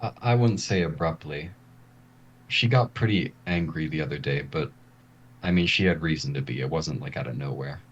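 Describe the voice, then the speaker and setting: A man narrating a tabletop game as game master, relaxed and a little hesitant. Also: a bass voice, normal speed, breathy edge, lo-fi sound.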